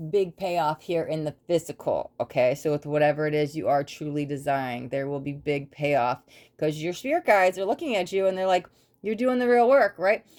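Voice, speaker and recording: A woman's voice: low-pitched, a little mellow. A woman doing a tarot reading for her viewers, talking in an earnest, rambling way and often checking in with "right?". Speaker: tarot reader. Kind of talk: casual spiritual talk to camera.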